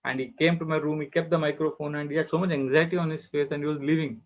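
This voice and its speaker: A fairly high-voiced man gives a devotional class, telling a story with feeling. He acts out the voices of the people in his story. The sound is muffled, as over a video call. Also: steady tone, quick pace. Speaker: spiritual teacher.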